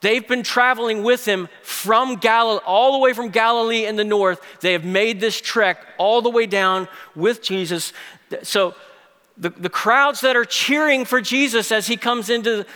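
Bright-voiced male preacher in echoey hall. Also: very high-pitched, normal speed. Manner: dynamic preaching, swings from loud emphasis to hushed tones. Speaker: pastor. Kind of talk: sermon.

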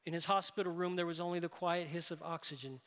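A man delivers a sermon with a high, bright voice. He tells a story, then builds into fervent calls to come in. Long reverb from a large church hall hangs behind every phrase. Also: fairly even intonation, fast talker. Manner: builds to loud impassioned exhortation. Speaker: pastor. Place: church sanctuary.

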